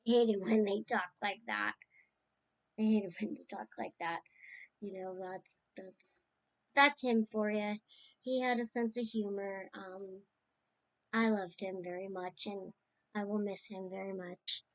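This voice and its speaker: A woman's voice: mid-range voice, unhurried. A woman speaking casually and tenderly as she remembers her late uncle, rambling from one story to the next. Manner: rambling and tender, drifting between stories. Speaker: niece sharing memories of her late uncle.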